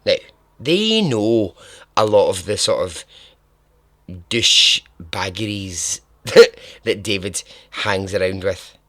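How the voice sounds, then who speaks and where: A man's voice: fairly low pitch, lively intonation, slow, a bit bright, dry recording. A man hosting a podcast, telling a true-crime story in a chatty, irreverent way, with swearing and laughter at his own asides. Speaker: podcast host.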